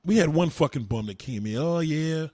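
A man ranting to a live chat as a streamer, loud, heated and profane. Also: medium pitch, expressive, quick pace, breathy edge, no echo, clean studio sound. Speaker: online streamer.

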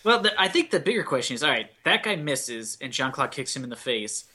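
A man's voice: mid-range voice, sing-song, fairly quick, bright, forceful tone, slightly rough. A man co-hosting a casual movie podcast, riffing sarcastically and swearing freely. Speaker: podcast co-host.

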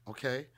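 A man's voice: a bit bright, a little hiss or hum. A man co-hosting a podcast, telling stories in slangy, profane, laughing talk. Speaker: comedian co-host. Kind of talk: casual podcast chat.

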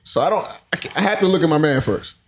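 A man hosting a podcast, chatting casually, animated and laughing often, swearing freely. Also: on the high side, fast talker. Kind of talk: casual chat.

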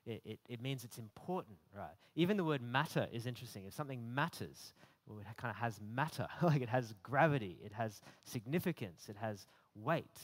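A man's voice: medium pitch, lively intonation, a little fast. A man giving a conversational sermon, often repeating words as he builds emphasis. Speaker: preacher.

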